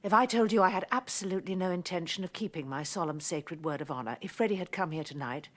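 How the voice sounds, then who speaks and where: A woman's voice: lowish voice, fast talker, close to an everyday voice. An actress playing a desperate woman abandoned by her lover, clipped, formal and bitterly ironic. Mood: cold. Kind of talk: 1990s television drama acting.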